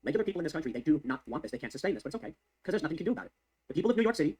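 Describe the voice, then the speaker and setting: A man's voice: high-pitched, big pitch swings, rapid-fire, breathy edge. A man delivering heated, sarcastic political commentary on the news, repeating his points for emphasis. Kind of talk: fast ranting news commentary.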